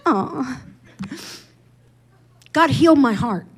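Middle-aged woman pastor, very high voice, unhurried candid sermon delivery. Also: animated, poor audio. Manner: candid, personal testimony with emphatic build-ups.

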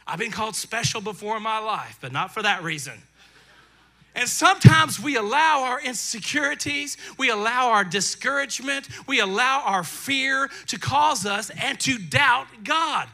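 A middle-aged male pastor preaching a lively, jokey sermon that swells into loud bursts. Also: high voice.

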